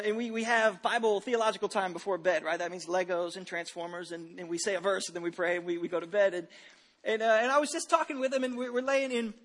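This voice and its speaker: A man's voice: extremely high pitch, fairly bright tone. A man in his thirties preaching a sermon from a church stage, chatty and humorous, telling stories with many restarts. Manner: conversational, humorous storytelling with frequent restarts. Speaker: pastor.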